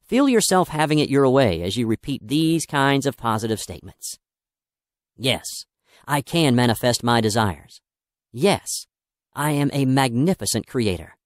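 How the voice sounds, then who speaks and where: A man's voice: medium pitch, dry recording, studio quality. A man narrating a self-help audiobook in an upbeat, emphatic and encouraging manner.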